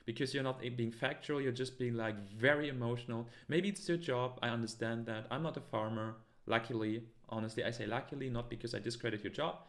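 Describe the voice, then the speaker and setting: Speaking quickly with hardly any pauses, this man has a mid-range voice and is a live streamer reading chat comments aloud and responding. He's heated and combative, stumbling through lots of fillers and false starts as he argues.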